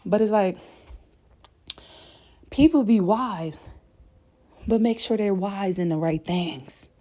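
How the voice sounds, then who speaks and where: A woman's voice: mid-range voice, moderate pace, mellow. A woman giving an impassioned spiritual message, emphatic and preachy, a little breathless as she paces, often turning to her viewers with "y'all" and "okay?". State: breathless from pacing. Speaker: spiritual content creator. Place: indoors at home, late at night.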